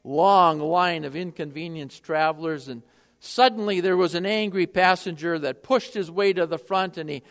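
A man preaching a sermon with passion, swinging between loud appeals and hushed prayer. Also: a little high, normal speed, in a large hall.

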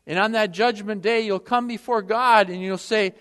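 A male preacher delivers an impassioned sermon, rising to loud appeals and falling to hushed prayer. His voice sits high for a man. A long hall reverb follows every phrase. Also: fairly even intonation, moderate pace, hardly any pauses, clear, resonant tone.

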